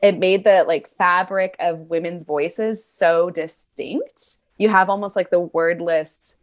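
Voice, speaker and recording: A woman's voice: fairly low pitch, fairly even intonation, slow pace. A woman discussing a film and a poem in a thoughtful, reflective way.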